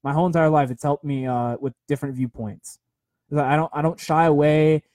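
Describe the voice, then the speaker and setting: A man's voice: a little high, steady tone, a little fast, a little mellow, no echo. A young man giving a rambling, earnest motivational talk on a phone livestream, full of fillers and repeated words.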